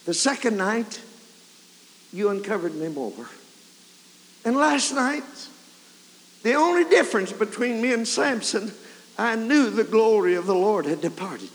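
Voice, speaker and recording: A man's voice: high-pitched, lively intonation, measured pace, long pauses. Fervent preacher man in a hall. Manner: builds from hushed retelling to fervent shouting. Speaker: evangelist preacher. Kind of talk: revival sermon storytelling. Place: large camp meeting hall or tabernacle. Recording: 1990s camp meeting tape, hall reverb, faint hiss.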